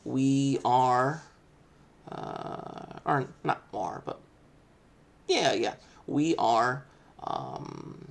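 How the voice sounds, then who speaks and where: A man teaching a statistics lesson, talking in an animated, jokey and emphatic way. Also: medium pitch, very slow, gravelly, pauses often, slight background noise. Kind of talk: classroom lecture.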